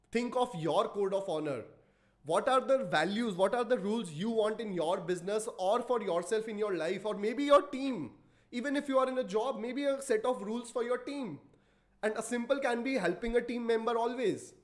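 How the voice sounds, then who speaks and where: A man hosting a motivational podcast, speaking emphatically, repeating key phrases and putting rhetorical questions to his listeners. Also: extremely high pitch. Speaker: podcast host. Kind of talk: motivational talk.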